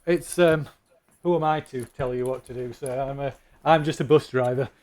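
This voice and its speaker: A man's voice: mid-range voice, fairly even intonation, moderate pace, a little mellow, lightly acted. A man voicing a polite, evasive rural bus driver who hesitates a lot and keeps calling people sir. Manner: deferential, hesitant, calls everyone sir.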